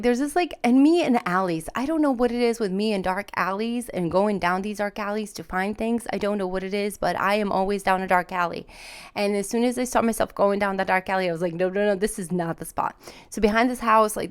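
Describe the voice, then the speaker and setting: A woman hosting a podcast, telling a personal story in a casual, animated way, full of fillers and restarts. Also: smooth. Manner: acts out her own panicked voice in high pitch. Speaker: podcast host.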